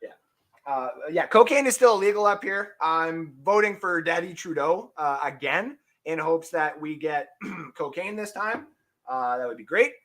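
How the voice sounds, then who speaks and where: A man hosting a casual sports podcast, rambling and joking, breaking into shouted bits. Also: on the high side, animated, normal speed. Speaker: podcast host.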